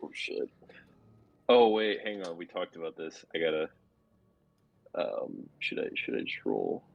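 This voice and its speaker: A man's voice: sits low, sing-song, a little slow, creaky, lo-fi sound. A man playing in a tabletop game, talking hesitantly with many fillers. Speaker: player.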